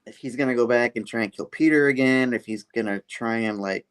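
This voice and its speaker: A man's voice: medium pitch, fairly quick, clear, resonant tone. Casting: man, comic reviewer, loose chatty retelling, dips into hammy character voices. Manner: animated, hammy quoting of villains. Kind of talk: casual chat, retelling a comic with quoted voices.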